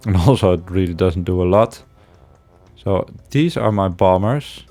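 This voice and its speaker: A man giving casual let's-play commentary, thinking aloud with hesitations and frequent chuckles. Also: deep voice. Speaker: game streamer.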